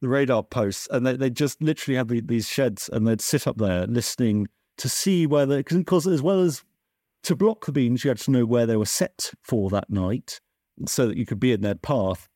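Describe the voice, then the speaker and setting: A man, a science journalist, explaining history in a conversational podcast interview with lively swings in his delivery and frequent restarts. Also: normal speed, dry recording, studio quality. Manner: animated storyteller, lively pitch swings, self-correcting restarts. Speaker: science journalist and author, guest.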